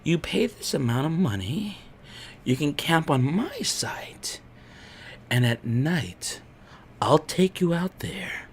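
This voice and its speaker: A man voicing a creepy, very old man who speaks in a low, breathy near-whisper. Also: big pitch swings, takes it slowly, slight background noise, exaggerated voice. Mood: creepy hush.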